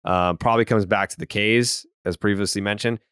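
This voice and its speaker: A man's voice: lowish voice, steady tone, a little fast, fairly bright tone, clean tone, no echo, studio quality. A man hosting a casual sports podcast, reading ad copy with a joking edge and rattling off baseball stats. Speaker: podcast host.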